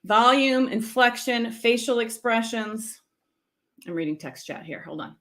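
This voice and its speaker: A middle-aged woman from the United States, an energetic speaking coach teaching a live-stream lesson and checking in often with the viewers. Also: a little high, a little slow.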